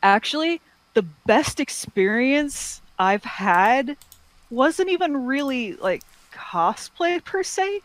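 A woman telling stories in a casual chat, relaxed with quick asides. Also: high voice, no echo. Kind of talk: casual chat about cosplay.

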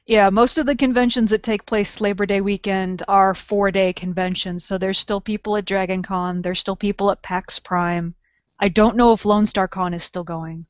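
A woman's voice: medium pitch, fairly even intonation, normal speed, no echo, highs cut off. A woman hosting a casual podcast in an upbeat, chatty way. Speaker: podcast host.

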